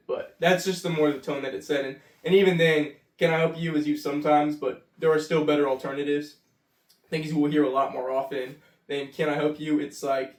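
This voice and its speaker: A young American man talks through common phrases in a loose, chatty style full of fillers. His voice sits a little high. He is recorded from a distance in an echoey room. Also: fairly even intonation, a little fast. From United States. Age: 20s. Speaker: English tutor. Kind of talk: casual spoken explainer. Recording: roomy sound, voice from a distance.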